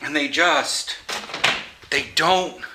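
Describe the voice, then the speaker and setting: A man from the US Pacific Northwest giving opinionated vlog commentary, halting and restarting his sentences, with wry asides. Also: on the high side, noisy background. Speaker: vlogger.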